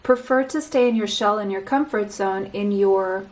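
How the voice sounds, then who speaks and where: A woman giving a pick-a-card tarot reading, speaking straight to the listener in a slow, reassuring way and often repeating a phrase. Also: medium pitch, poor audio.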